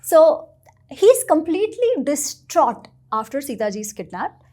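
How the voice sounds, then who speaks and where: A woman retells old stories as a guest on a talk show. Her high voice rises and falls a great deal as she tells them with animated feeling. She talks expressively and with plenty of movement. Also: measured pace. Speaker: guest author. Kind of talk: storytelling in a podcast interview.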